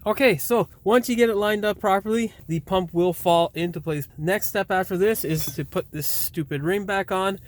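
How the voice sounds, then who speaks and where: A man's voice: sits high, moderate pace, hardly any pauses. A man hosting a DIY car repair tutorial outdoors in freezing weather, talking casually and swearing freely. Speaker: channel host, mechanic.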